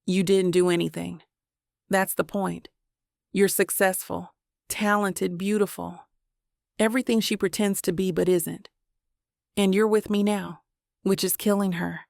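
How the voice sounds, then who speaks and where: A woman voicing a steady, wealthy young man in an audiobook romance, speaking low, firm and measured. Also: vocal fry, no echo, clean studio sound. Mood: reassuring.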